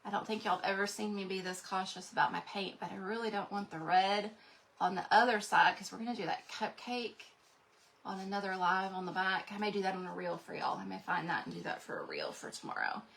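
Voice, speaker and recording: Woman rambling thru a live paint-along, bright voice, bit of background noise. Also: medium pitch, lively intonation, fairly quick, vocal fry. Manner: rambling, talks to viewers directly. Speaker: craft livestream host. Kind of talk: chatty live craft demo.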